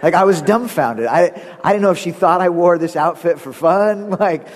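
A pastor with a fairly high voice preaches in a sanctuary, telling stories animatedly and laughing often. His voice rings through the long reverb of a large church hall. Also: animated, normal speed, some chatter behind. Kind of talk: sermon.

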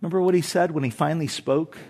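Man, pastor, sermon, high-pitched voice, conversational, animated, loud-to-soft swings, rhetorical questions. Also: fast talker. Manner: animated, swings between loud emphasis and soft low asides.

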